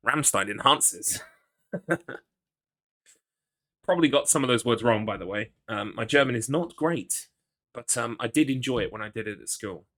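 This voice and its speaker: Male streamer, bright voice, loose rambling chat, jokes at his own expense. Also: mid-range voice, animated, moderate pace, pauses often. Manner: rambling, self-deprecating, reads chat aloud. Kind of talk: casual live-stream chat.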